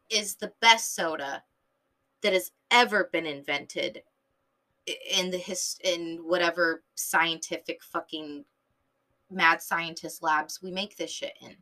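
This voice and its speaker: A woman's voice: lowish voice, slow pace, long pauses. A woman from San Diego in her thirties, hosting a podcast in a rambling casual monologue, full of fillers, swearing and sudden tangents. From San Diego, Southern California. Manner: animated, filler-heavy, swears freely, jumps between tangents. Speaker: podcast host.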